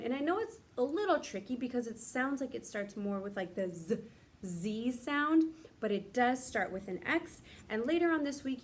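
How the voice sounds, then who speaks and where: A woman's voice: a little high, a little mellow, slight background noise. Upbeat woman teaching phonics to children. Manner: slow, drawn-out sounding of words with cheerful prompts. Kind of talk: recorded phonics lesson for young children.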